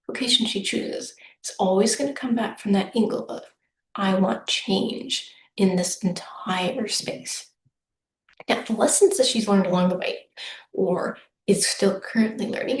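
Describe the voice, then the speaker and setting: A woman coach talks in a chatty, upbeat way, slipping into little acted-out quotes as she explains. Her voice sits in a middle range. The recording has a noticeable room echo and a faint background hiss. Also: mid-range voice. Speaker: human design business coach. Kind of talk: solo recorded reading, casual explainer. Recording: echoey room with faint noise.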